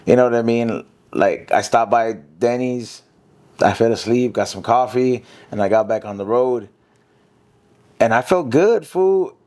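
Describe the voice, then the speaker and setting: A man's voice: mid-range voice, a little slow. A man, a podcast guest telling a story in casual, slangy talk and dropping "fool" and "bro" often. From South Central Los Angeles. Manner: slangy, animated, says fool and bro a lot.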